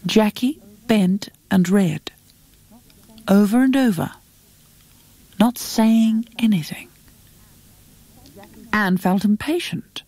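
A woman narrating a novel in a measured, expressive reading. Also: medium pitch, dry recording. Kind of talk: audiobook narration.

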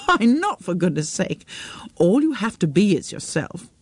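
A woman's voice: mid-range voice, big pitch swings, husky, no room sound. Woman voicing a blunt, scolding grown daughter. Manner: brisk, scolding, direct.

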